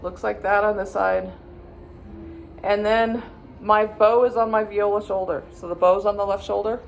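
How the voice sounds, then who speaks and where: A woman's voice: medium pitch, steady tone, normal speed, creaky, a little hiss or hum. Patient woman teaching viola practice. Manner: patient, step-by-step, chanting rhythm words. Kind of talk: instructional practice walkthrough.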